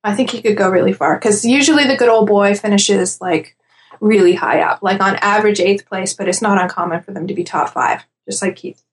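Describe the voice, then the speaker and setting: A woman with a mid-range voice chats casually on a podcast, breaking down contestants at an easy clip. She fills pauses with "um" and "uh" and laughs easily. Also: mid-range voice. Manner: chatty, laughs easily, many fillers. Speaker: podcast guest analyst.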